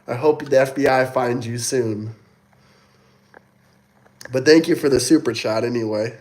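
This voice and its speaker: A man's voice: medium pitch, measured pace, a little mellow. A man hosting a casual livestream, reading super chats aloud and taunting commenters, coughing now and then. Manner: mocking, taunting. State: sweaty, coughing. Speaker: livestream host.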